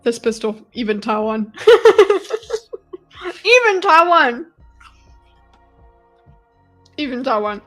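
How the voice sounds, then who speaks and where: A South African woman chatting casually on a live stream from her home, talking freely and swearing now and then. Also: on the high side. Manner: chatty, animated, swears and laughs often. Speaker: streamer reading chat. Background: faint music.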